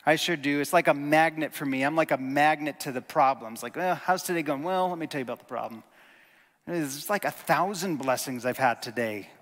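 A man's voice: fairly high pitch, fairly bright tone. A man preaching a sermon, earnest and emphatic, teaching with rhetorical questions. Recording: long hall reverb.

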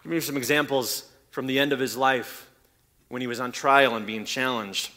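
Bright-voiced male preacher teaching. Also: mid-range voice, steady tone, normal speed. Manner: teaching, repeats words when restarting, grows loud on scripture quotes. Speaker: pastor. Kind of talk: sermon.

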